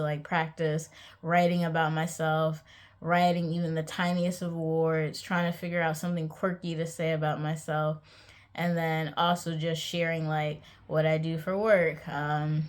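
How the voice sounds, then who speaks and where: Chatty woman vlogger, lower voice. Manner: chatty and hesitant, many ums, light laughs. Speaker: author vlogger. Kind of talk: casual vlog monologue.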